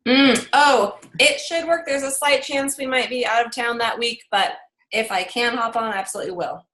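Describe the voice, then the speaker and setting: Friendly woman on a team call, sharp bright voice, roomy echo. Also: on the high side, normal speed. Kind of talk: casual video call chat.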